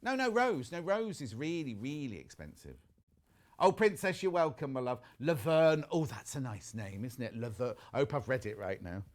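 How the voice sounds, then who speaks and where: Reading viewer messages aloud with gossipy enthusiasm, a middle-aged man hosts live selling on a shopping channel from a TV studio. His voice is medium-pitched, and he talks at a normal speed in a lively, chatty way.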